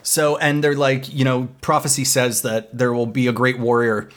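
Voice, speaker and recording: A man recapping a movie in casual, joking chat, slipping into quick mock voices for the characters. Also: mid-range voice, level tone, fairly bright tone, a little hiss or hum.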